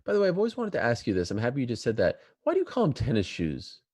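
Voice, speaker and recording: Fast-talking host. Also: male voice, medium pitch, wildly swooping pitch, darkish tone, breathy edge, no room sound, studio quality. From Canada. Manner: teasing, playfully quizzing his guest. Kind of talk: casual chat.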